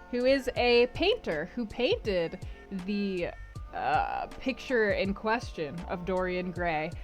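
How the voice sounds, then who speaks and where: A woman hosting a book club stream, recapping a novel in a chatty way with lots of fillers. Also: mid-range voice.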